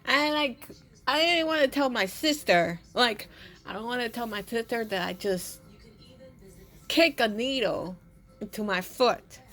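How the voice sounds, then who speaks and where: Young adult woman, casual personal storytime; slow, slightly high-pitched, loose rambling delivery full of restarts. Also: expressive, fairly bright tone, soft background music. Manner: rambling, with many restarts and repeated words.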